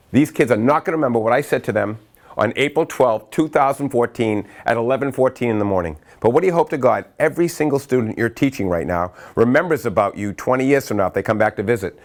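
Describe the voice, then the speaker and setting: A man giving a motivational talk to school staff, telling anecdotes in a lively way and acting out the quotes. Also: mid-range voice, fast. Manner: animated anecdotal storytelling, acts out quotes. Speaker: speaker at a staff training.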